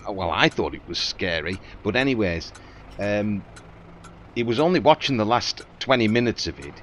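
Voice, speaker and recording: A man's voice: lowish voice, animated, moderate pace, fairly bright tone, a little hiss or hum. A man with a Northern English accent, telling a rambling comic story with many fillers and hesitations. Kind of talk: comic improvised banter.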